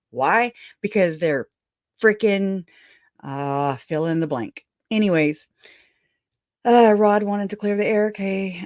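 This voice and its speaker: A woman hosting a livestream, angry and profane, with halting restarts and frequent laughs. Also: fairly low pitch, darkish tone, no room sound, clean studio sound. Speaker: livestream host.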